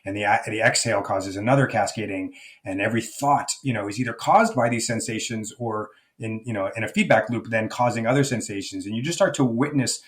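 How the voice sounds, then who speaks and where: In a reflective interview, a middle-aged life coach guest searches for his words thoughtfully and frequently starts sentences over. He has a lowish voice and speaks a little fast, with few pauses.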